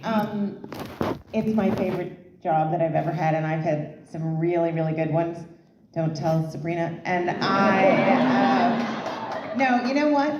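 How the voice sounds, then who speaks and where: A woman's voice: fairly low pitch, steady tone, a little slow, muffled recording. A woman on a convention panel, joking in a dry way. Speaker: voice actress on a panel. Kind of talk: comedic panel talk. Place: large convention hall. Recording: echoey hall, crowd and noise.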